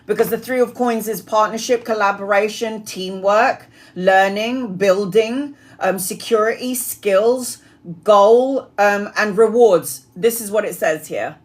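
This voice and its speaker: On a live stream, a woman in her forties does a tarot reading in a medium-pitched voice. She's chatty and blunt, swears casually, and rattles off card meanings in quick lists.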